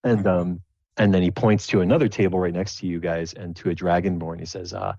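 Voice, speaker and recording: A man's voice: deep voice, fairly even intonation, fairly quick, creaky, a little mellow, no room sound, muffled recording. A man narrating as game master of a tabletop game, rambling and repeating words as he goes.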